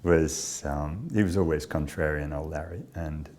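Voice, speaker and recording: A man who directs a charity, telling a personal story in a measured, understated way with frequent pauses. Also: extremely low pitch, darkish tone.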